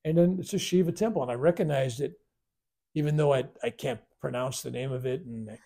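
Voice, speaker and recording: A man with a gravelly, husky voice tells a spiritual story to a workshop. His tone is dark and mellow, and he rambles while acting out the voices he quotes. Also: mid-range voice, fairly quick. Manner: rambling, animated retelling with acted quotes. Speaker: spiritual teacher. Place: workshop room.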